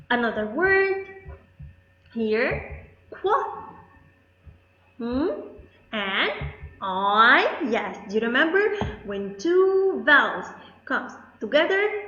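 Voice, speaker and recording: Slow, high-voiced woman teaching phonics. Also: pushed and bright, echoey room, muffled recording. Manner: slow, drawn-out sounding of letters, with questions to pupils. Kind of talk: phonics lesson for children.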